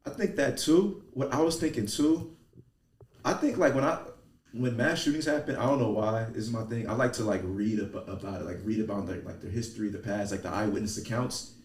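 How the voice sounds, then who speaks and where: A man cohosting a podcast, talking casually with animated swearing. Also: fairly low pitch, a little fast, distant mic. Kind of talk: casual chat. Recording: roomy echo, off-mic.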